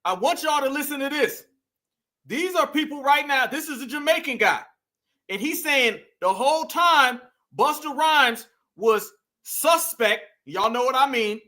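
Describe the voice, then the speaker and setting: A man hosting reaction commentary, animated and mocking, talking straight to his viewers. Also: very high voice, a little slow. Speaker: commentary host.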